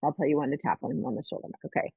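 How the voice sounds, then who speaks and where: A female podcast host talks very fast in a low voice with vocal fry and a breathy edge, animatedly telling a personal story and doing the quoted voices. Audio is phone-quality with no room sound.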